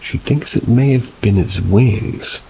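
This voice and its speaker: A man reading reader-submitted paranormal stories as scripted narration, at a slow, measured pace. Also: mid-range voice, gravelly, background noise. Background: rain.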